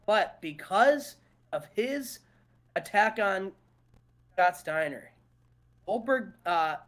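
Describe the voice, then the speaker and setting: A man co-hosting a podcast, recapping a wrestling game in casual, animated storytelling. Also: high voice, slow pace. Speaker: podcast co-host.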